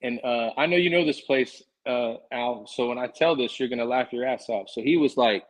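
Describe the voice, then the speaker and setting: A man's voice: mid-range voice, moderate pace, poor audio. A man, a Navy veteran, telling a funny service story on a casual podcast. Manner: animated, lively storyteller.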